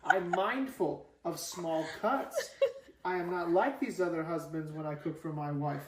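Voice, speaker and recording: A man filming himself as a husband cooking for his wife and playfully mocking the demure trend in an exaggerated, gentle tone. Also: on the high side, unhurried, roomy sound, very noisy. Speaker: husband in a social media clip. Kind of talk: playful mock-demure commentary.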